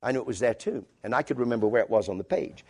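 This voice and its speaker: A man preaching a sermon to a congregation in a church, emphatic, moving from quiet reflection to loud declarations. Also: mid-range voice, animated, very fast.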